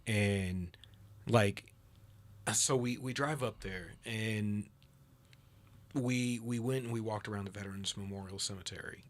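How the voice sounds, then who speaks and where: A man in his thirties hosting a political podcast, telling stories with lively impressions of other people. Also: fairly low pitch, unhurried, long pauses. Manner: animated storyteller, mimics others in a raised voice. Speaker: podcast host. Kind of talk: casual political chat.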